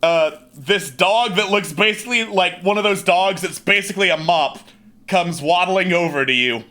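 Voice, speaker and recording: A man's voice: high-pitched, normal speed, sharp tone. A man narrating a tabletop game as game master, playful and often laughing.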